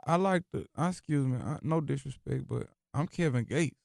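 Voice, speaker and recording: A rapper guest on a radio show speaks in a mid-range voice at a moderate pace, with vocal fry and a darkish tone. He's emphatic and philosophical, repeating phrases like "you hear me" for stress. The studio-quality recording, made on a studio microphone, has no room sound.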